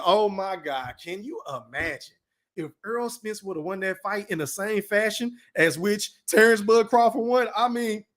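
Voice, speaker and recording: High-voiced, boastful streaming host man. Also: a bit bright. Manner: boastful, profane, hypes up viewers. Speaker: podcast host reading chat. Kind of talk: casual livestream chat.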